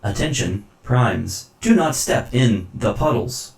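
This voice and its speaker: A man's voice: mid-range voice, animated, vocal fry, echoey room, rough recording. A man doing a stiff mechanical crate guard. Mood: formal. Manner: slow, stiff and formal.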